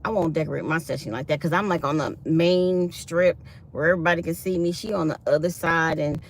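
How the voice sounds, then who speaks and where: A woman's voice: sits low, fairly even intonation, brisk, slight background noise. A woman chatting casually to her viewers, animatedly retelling her day. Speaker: vlogger.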